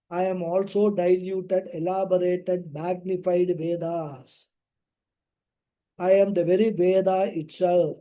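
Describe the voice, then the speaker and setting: A man teaching a scripture class, explaining slowly and chanting Sanskrit verses. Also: high-pitched, dark tone. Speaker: spiritual teacher. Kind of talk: scripture lecture.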